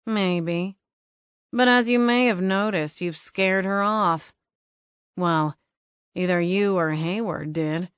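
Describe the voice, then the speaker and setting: A woman's voice: lowish voice, slow, pauses often, clean tone, no echo. A woman narrating an audiobook, voicing a sardonic male ghost cat with dry, teasing quips. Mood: wry.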